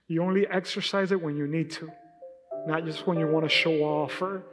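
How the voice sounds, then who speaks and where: Animated high-voiced preacher in a hall. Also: male voice, moderate pace. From Hispanic heritage, Spanish speaker. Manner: casual, animated preaching with acted-out quotes. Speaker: pastor. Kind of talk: sermon. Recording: live church hall with reverb and faint music.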